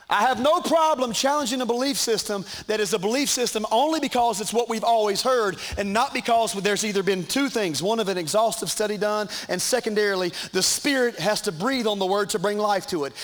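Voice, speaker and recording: A man preaching a sermon to his congregation in church, emphatic and repetitive, with asides to the crowd. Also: high-pitched. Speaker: pastor.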